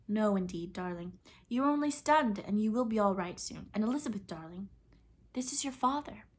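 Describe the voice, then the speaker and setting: A woman's voice: mid-range voice, lively intonation, moderate pace, darkish tone, close to an everyday voice. A woman reading the lines of a caring young woman teacher who speaks soothingly and reassures a hurt child.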